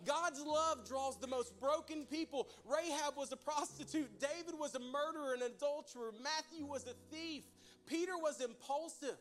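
A man's voice: very high-pitched, normal speed, fairly bright tone. A young man preaching a folksy, joking sermon to his church. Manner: folksy, joking, addresses crowd as y'all. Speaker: pastor.

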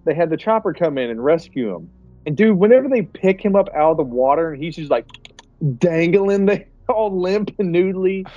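A man's voice: high-pitched, moderate pace, no echo, lo-fi sound, faint music behind. A man joking crudely and energetically on a movie podcast. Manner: crude, animated, swears freely. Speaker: podcast co-host. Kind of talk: casual comedic movie chat.

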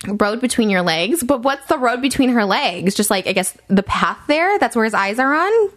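A woman's voice: on the high side, lively intonation, normal speed, fairly bright tone. A woman hosting a casual podcast, talking bluntly with lots of swearing and rambling restarts as she reacts to messages she reads aloud. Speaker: podcast host.

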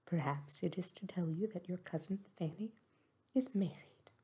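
A gossipy older hostess presses for news in breathy hushes, as a woman reader puts her on. The whispered role-play keeps her voice low and mellow, coaxing rather than loud. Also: normal speed. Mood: prying.

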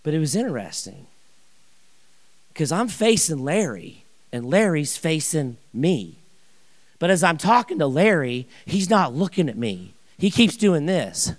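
Animated man preaching a personal story. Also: a little high, a little slow. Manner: animated, rambling, many restarts and asides. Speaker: pastor. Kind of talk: sermon storytelling.

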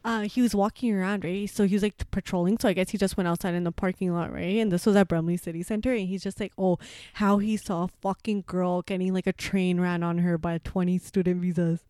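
A young woman talks on a podcast in loose, rambling chat, piling on filler words and curses as she tells a story. Her tone is mellow and warm, and the sound is dry and close to the mic. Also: on the low side, fairly even intonation, brisk, clear, resonant tone, no echo. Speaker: podcast co-host. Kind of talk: casual chat.

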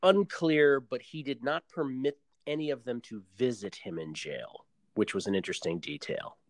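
A man's voice: medium pitch, normal speed, dry recording. A man co-hosting a podcast, chatting casually and playfully, arguing his points with rhetorical questions. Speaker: podcast co-host. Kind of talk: casual chat recapping a reality show.

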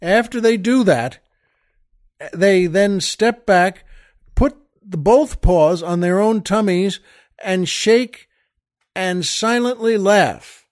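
High-pitched wry male storyteller. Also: slow pace. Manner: wry, exasperated storyteller addressing folks. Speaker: podcast host. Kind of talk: comic storytelling monologue.

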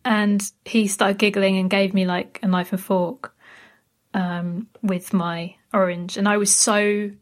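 A woman's voice: mid-range voice, little pitch movement, slow. A young woman from Britain co-hosting a podcast, telling a story in casual chat with many hesitations. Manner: hesitant, many ums and likes. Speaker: podcast co-host.

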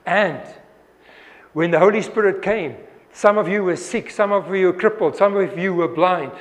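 A man's voice: high voice, expressive, unhurried, in a large hall. A man preaching a sermon earnestly, often restarting his words and acting out the voices he quotes.

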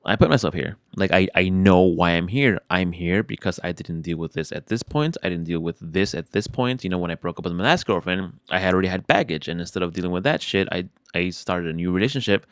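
A man's voice: low voice, brisk, hardly any pauses, clear, resonant tone, no echo, clean studio sound. A young adult man in casual chat, talking frankly and profanely about feelings, often restarting his sentences.

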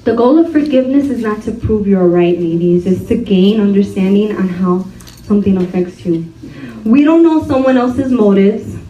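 A woman's voice: medium pitch, moderate pace. A woman preaching a sermon to a women's gathering, laughing often and calling for responses from the crowd. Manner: animated, laughing, call-and-response. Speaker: women's ministry speaker. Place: church hall. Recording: roomy hall, distant mic, audience.

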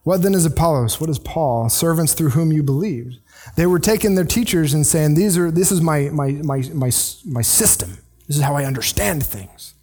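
A man's voice: fairly high pitch, lively intonation, moderate pace, darkish tone, husky, soft background music. A male pastor preaching a conversational sermon in a church, often restarting his sentences and acting out quoted voices. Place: church sanctuary.

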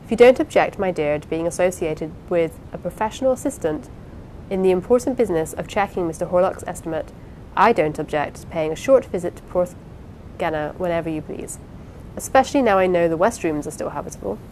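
A woman reading the part of a gentle blind husband in an audiobook, measured and tender. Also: fairly low pitch, animated, slight background noise, natural voice, rough recording. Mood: dry.

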